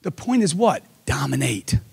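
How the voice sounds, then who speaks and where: A man's voice: mid-range voice, very animated, moderate pace, creaky, breathy edge. A man giving a live motivational seminar talk into a handheld mic, emphatic and firing off rhetorical questions. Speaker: motivational speaker.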